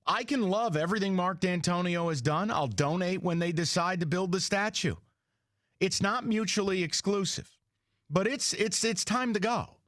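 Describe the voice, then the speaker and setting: Male sports radio host, fairly high voice, dry close sound, blunt heated rant. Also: a bit bright, dry recording. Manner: blunt, heated, profane ranting.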